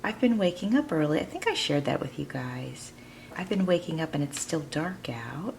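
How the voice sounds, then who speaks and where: Crafting host, woman, low gravelly voice, chatty and thinking aloud, home studio. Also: big pitch swings, normal speed, darkish tone, slight background noise. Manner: chatty, thinks aloud while crafting, addresses viewers as friends. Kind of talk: casual crafting tutorial chat.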